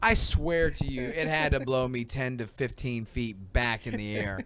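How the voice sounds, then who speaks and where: A man hosting a podcast, telling funny stories in an animated, laughing way. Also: mid-range voice, unhurried, a crowd in the background. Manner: animated storyteller, bursts of laughter. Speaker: podcast host. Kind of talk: casual chat, storytelling.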